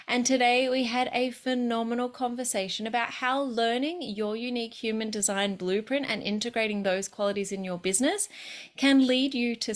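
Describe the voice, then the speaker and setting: Female host, upbeat and gushing, slightly high voice. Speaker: podcast host. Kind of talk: enthusiastic interview intro.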